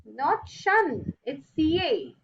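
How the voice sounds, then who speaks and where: A woman teaching an online class, repeating rules slowly and stressing key words. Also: high-pitched, sing-song, gravelly, muffled recording, slight background noise. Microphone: online video call.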